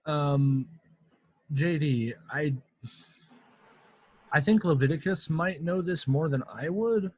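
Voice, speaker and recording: A man's voice: fairly high pitch, slow, long pauses, breathy edge, no room sound, poor audio. A man playing a tabletop game, who speaks for his character in formal, courteous words. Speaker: player.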